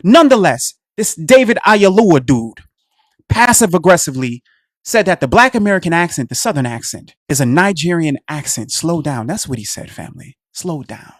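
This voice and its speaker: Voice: mid-range voice, very animated, normal speed, no room sound, studio quality. A radio show host delivering a heated solo commentary, preaching to listeners he calls family, repeating phrases and firing rhetorical questions.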